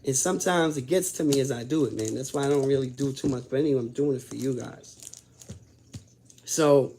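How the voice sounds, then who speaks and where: A man casually telling his own story in blunt, profane talk. He drops low and subdued, then climbs loud and worked up as he relives it. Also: brisk, vocal fry. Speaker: host telling his own prison stories.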